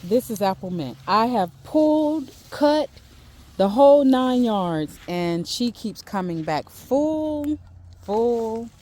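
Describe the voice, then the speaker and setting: Woman vlogger, unhurried and chatty, giving a backyard garden tour outdoors. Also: a little high, expressive. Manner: warm, faith-filled, chatty and repetitive.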